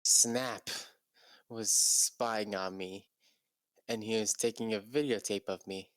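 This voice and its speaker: A young man giving a comedic dramatic reading in a deadpan voice, with exasperated asides. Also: fairly low pitch, measured pace, no echo. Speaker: YouTuber.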